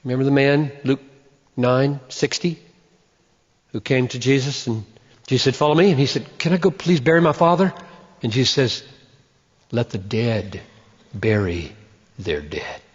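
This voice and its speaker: A man preaching a sermon, slowing down and repeating phrases for emphasis. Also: mid-range voice. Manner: emphatic, slows down and repeats for stress. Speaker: pastor. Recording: muffled sound in a reverberant hall.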